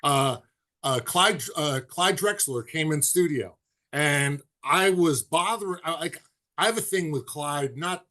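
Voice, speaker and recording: A man chatting casually on a sports podcast, telling animated stories and dropping into quick impressions. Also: on the high side. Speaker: podcast co-host.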